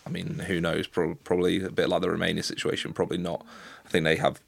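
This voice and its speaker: A man in his thirties, a guest on a sports podcast, thinking aloud in a relaxed, hesitant way. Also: sits low, fast, vocal fry, no room sound. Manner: thoughtful, hesitant restarts. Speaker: guest, international rugby player. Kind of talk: casual interview chat.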